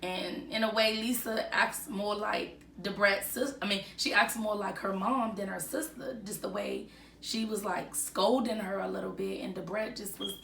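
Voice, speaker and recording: Gravelly chatty woman in an echoey room. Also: medium pitch, fairly even intonation, normal speed, fairly bright tone, distant mic, slight background noise. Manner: chatty, many fillers, retells quotes. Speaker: celebrity gossip commentator. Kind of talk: casual commentary.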